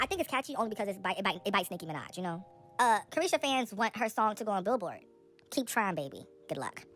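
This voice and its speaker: A young woman giving casual, sassy entertainment gossip commentary, chatty and animated with quick asides. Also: on the high side.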